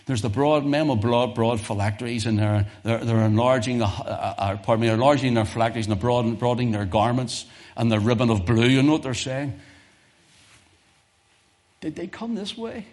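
A man preaching a sermon, moving from easy, conversational asides to loud, impassioned peaks and repeating phrases for emphasis. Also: mid-range voice, steady tone, brisk, few pauses. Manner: impassioned, swelling to loud fervent peaks then dropping to quiet asides.

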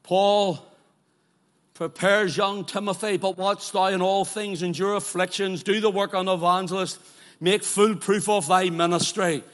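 Bright-voiced fervent male preacher. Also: high-pitched, fairly even intonation, unhurried. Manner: swings from loud fervent preaching to quiet pleading questions. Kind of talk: sermon. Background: congregation present, also streamed live.

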